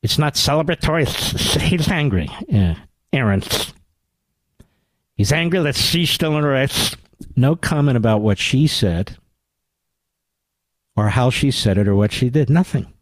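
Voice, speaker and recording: A man's voice: medium pitch, lively intonation, measured pace, long pauses, no room sound. A man hosting a radio talk show, giving combative political commentary, sarcastic and indignant, often climbing into pointed rhetorical questions on a studio mic.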